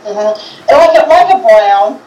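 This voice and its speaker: A woman with a somewhat high voice talks in a halting, hesitant way, often restarting her sentences. She sounds set back from the mic, and the room around her rings with echo. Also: animated, warm tone, recorded from a distance, slight background noise. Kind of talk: casual chat on a livestream. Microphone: video call.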